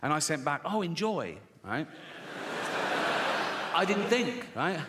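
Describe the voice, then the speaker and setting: A man performing a stand-up comedy set on a theatre stage, animated and swearing as he acts out the people in his stories. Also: fairly high pitch, takes it slowly, heavy background noise. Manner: animated, swearing, acting out characters. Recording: live theatre, long reverb, audience laughter. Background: crowd laughing and applauding.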